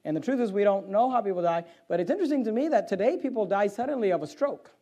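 A male preacher with a notably high-pitched voice delivers an evening sermon. He reads scripture in old-fashioned phrasing, drops to low, hushed stretches, then climbs into loud, fervent exhortation. He often repeats words as he works through a thought. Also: animated, fast talker. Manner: repeats words while thinking aloud.

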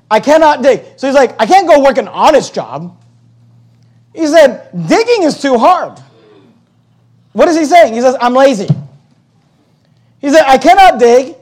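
A man's voice: very high-pitched, darkish tone. A man preaching a sermon, impassioned, often repeating words as he builds a point. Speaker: pastor.

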